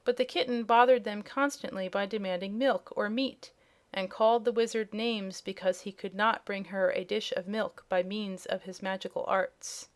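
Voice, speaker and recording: A woman narrating a classic children's fantasy book in an even, clear storytelling manner. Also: medium pitch, moderate pace. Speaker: audiobook narrator.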